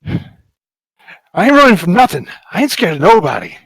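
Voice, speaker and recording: A man voicing a frightened young street boy who acts tough and talks in rough slang. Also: high voice, huge pitch swings, measured pace, fairly bright tone, dry recording, voice pushed up, heavily acted. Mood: defiant.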